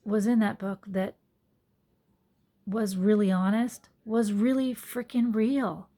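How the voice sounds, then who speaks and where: Husky, mellow-voiced woman musing earnestly. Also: medium pitch, steady tone, slow pace. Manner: earnest, soft-spoken, drops to whispered asides. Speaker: yoga teacher. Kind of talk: reflective personal monologue. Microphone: phone.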